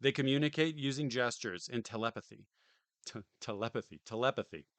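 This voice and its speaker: Tired guy on a stream reading game enemy bios, deadpan jokes, mid-pitched, dry close mic. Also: fairly quick, no echo. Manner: dry, joking asides between read passages. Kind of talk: casual live-stream reading with asides.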